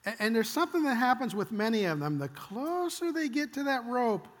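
An older man preaching a sermon, conversational and animated, acting out quoted lines and dropping to hushed whispers. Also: very high voice, brisk, big-room sound. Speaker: pastor.

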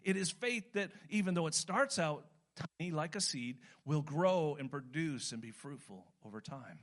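Older american pastor man preaching, talks like a chat then gets all lively and emphatic. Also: on the high side, moderate pace. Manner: conversational, rising to animated emphasis. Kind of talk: sermon.

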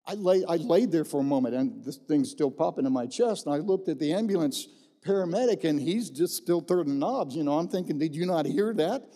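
A middle-aged pastor with a slightly high, warm voice speaks in an animated, fairly quick way. He shares his personal testimony like a folksy storyteller, repeating phrases for emphasis, while long reverb fills a large hall.

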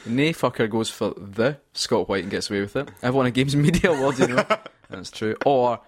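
A man reading a comic fan story aloud to a co-host, often breaking into laughter. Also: medium pitch. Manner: reads narration briskly, breaking into laughter.

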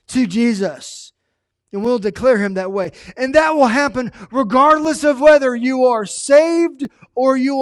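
Animated high-voiced male pastor preaching. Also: dry recording, clean studio sound. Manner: animated, swings between loud emphasis and quiet asides. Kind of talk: sermon.

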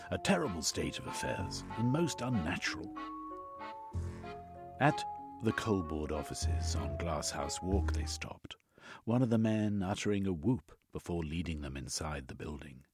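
Low husky man, lively intonation, mock-formal storybook narration, dry close sound, faint music behind. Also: dry recording.

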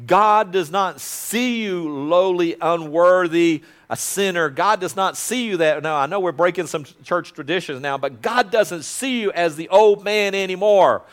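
In a high-pitched voice, a pastor delivers a sermon to his congregation, asking them to repeat phrases after him. His delivery ranges from loud, fervent prayer to quiet, intimate asides.

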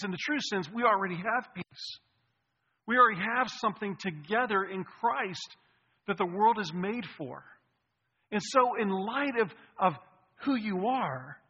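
A man's voice: high voice, bright, forceful tone, slightly rough. A man preaching a sermon to a congregation, conversational, with jokey asides to the listeners. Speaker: pastor. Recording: muffled hall recording with long reverb.

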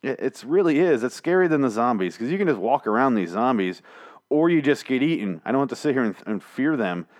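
A man's voice: medium pitch, animated, brisk, a little mellow. A man recapping comic chapters in a casual, rambling, sarcastic monologue, swearing freely and slipping into mock voices. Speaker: comic book reviewer.

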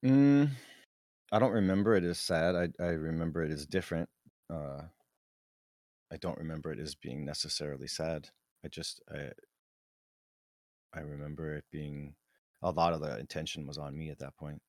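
Deadpan Minnesotan man, deep voice. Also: moderate pace, long pauses, dry recording, clean studio sound. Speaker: podcast co-host. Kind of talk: casual chat.

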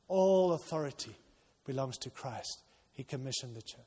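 A male pastor preaching a sermon to his church, urging loudly at times and dropping to quiet intensity at others. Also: medium pitch, expressive, normal speed, slightly rough. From outside the United States. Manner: impassioned, swings between loud urging and quiet intensity. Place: church hall. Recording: long reverb of a large hall.

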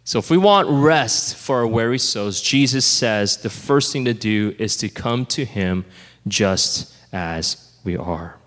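A man preaching a sermon as pastor, conversational and animated, sometimes dropping to a hush. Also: on the low side, takes it slowly. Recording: reverberant hall.

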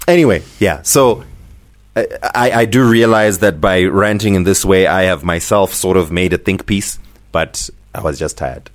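A man from Zimbabwe co-hosting a podcast, ranting in a casual, animated way and laughing often. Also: deep voice, unhurried. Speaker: podcast co-host.

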